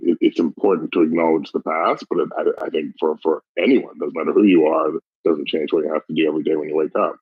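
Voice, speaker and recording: Middle-aged quebec guy, low gravelly voice, laughs and swears a lot, husky, dry lo-fi chat audio. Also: no room sound. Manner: laughs often, swears, restarts. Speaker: debate room participant. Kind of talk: casual group chat.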